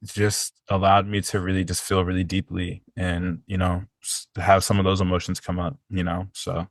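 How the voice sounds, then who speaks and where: Man, low voice, earnest casual storytelling, rambling, dry close-miked sound. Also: level tone, moderate pace, dry recording. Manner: earnest, rambling with many fillers and restarts. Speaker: podcast guest, personal trainer.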